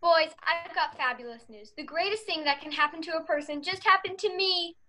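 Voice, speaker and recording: A high-voiced female student reads her part over a video call, eager and expressive in the scene. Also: a little fast, poor audio. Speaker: acting student. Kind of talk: reading a script aloud.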